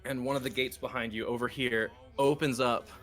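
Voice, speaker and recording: A man running a tabletop game as game master, narrating in a halting way with many fillers. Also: mid-range voice, steady tone, fairly bright tone, faint music behind.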